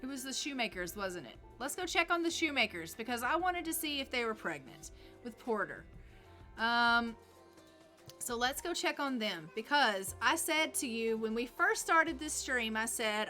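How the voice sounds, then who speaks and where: Bright high-voiced woman streamer. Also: animated, normal speed, soft background music. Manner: chatty, talks to her viewers and her sims. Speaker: game streamer. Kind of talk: casual live-stream game commentary.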